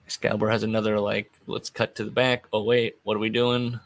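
A man's voice: fairly low pitch, level tone, a little fast, creaky. A middle-aged man hosting a casual podcast recap, rambling with wry, offhand asides. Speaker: podcast host recapping wrestling.

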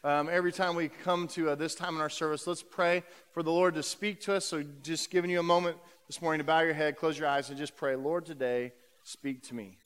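A man's voice: fairly high pitch, fairly even intonation, fast, hardly any pauses, a bit bright, smooth, big-room sound. A man preaching a conversational sermon as pastor, with frequent fillers and restarts. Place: church sanctuary.

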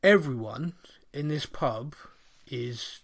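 A man with a Bristolian accent telling a story in casual chat, animated and laughing often. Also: medium pitch, slow, husky.

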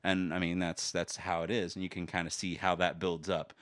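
A man's voice: low-pitched, level tone, brisk, a bit bright, dry recording, clean studio sound. A man chatting casually on a podcast, rambling with lots of fillers. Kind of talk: casual chat.

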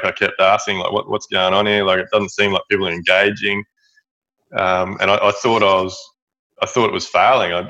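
Australian man, middle-aged, pitched low, talks in halting restarts, muffled lo-fi recording. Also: bright, forceful tone. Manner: halting, many fillers and restarts. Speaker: guest, building business owner. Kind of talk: storytelling interview. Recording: dull lo-fi audio.

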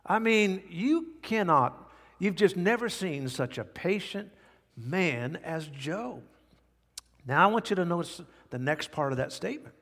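A man preaches from the pulpit with a voice sitting a little high for a man. He drives his points home with sudden loud, high bursts, then drops low and quiet. The sound rings on in a long church-hall reverb. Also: lively intonation, unhurried. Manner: emphatic preaching with sudden swings in pitch and volume. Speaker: pastor. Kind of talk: sermon. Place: church sanctuary.

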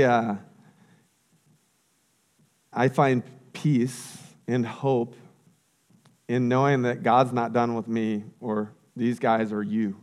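A man's voice: medium pitch, a little mellow. A man preaching as a pastor, earnest and repeating key phrases, then closing in prayer.

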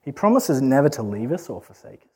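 A man's voice: medium pitch, very animated, fast talker, darkish tone, breathy edge. A man giving an earnest, conversational sermon full of rhetorical questions. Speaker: preacher.

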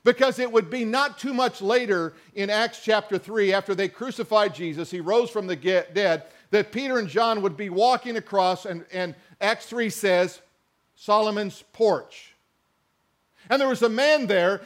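A man's voice: high-pitched, moderate pace. A man preaching a sermon, reading scripture and mixing in conversational asides and questions to the congregation. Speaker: pastor.

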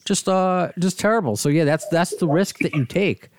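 A man's voice: high-pitched, expressive, moderate pace. A man from the United States hosting a casual interview, rambling and self-deprecating. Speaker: host. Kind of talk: casual video-call interview.

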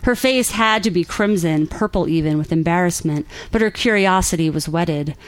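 A woman reading her own romance fiction aloud at a live reading, measured and steady. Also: on the low side, dry recording, rough recording. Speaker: author reading her work.

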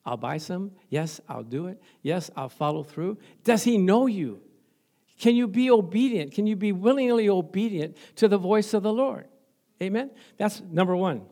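A male pastor preaching a sermon in a conversational way, asking the congregation rhetorical questions and acting out little stories. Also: high voice. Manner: storytelling, acting out remembered exchanges.

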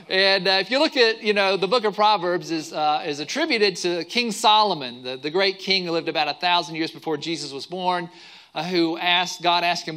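Bright-voiced man telling a sermon story. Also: fairly high pitch, brisk. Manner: animated storyteller acting out quotes. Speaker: pastor.

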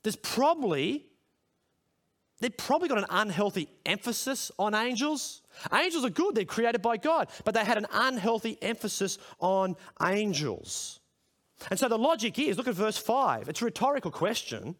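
Very animated and moving at a moderate pace, a middle-aged preacher's high, fairly bright voice fills a school chapel service. His sermon is conversational but turns emphatic whenever he questions the room.

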